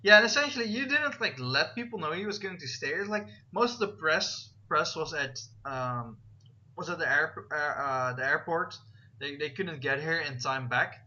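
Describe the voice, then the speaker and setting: A man's voice: on the high side, expressive, moderate pace, pushed and bright, dull audio. A man narrating a tabletop game as game master, rambling with many fillers and restarts.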